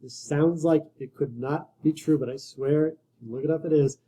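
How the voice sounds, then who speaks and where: A man's voice: on the high side, steady tone, moderate pace, mellow, poor audio. A man giving a casual history lecture to students, conversational and wry, often restarting his sentences. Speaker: history teacher.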